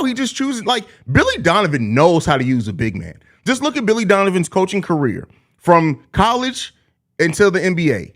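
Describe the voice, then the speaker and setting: A young man hosts a live sports podcast, reading chat comments aloud. He jokes loosely and swears freely, and his voice sits a touch high for a man. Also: a bit bright. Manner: loose, profane, joking, reads viewer comments. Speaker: podcast host.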